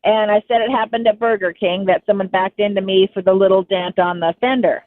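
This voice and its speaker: A woman calling in to a radio show who tells an old story in an easygoing, unhurried way. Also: mid-range voice, steady tone, no echo. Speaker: caller. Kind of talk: call-in storytelling. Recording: dry phone line.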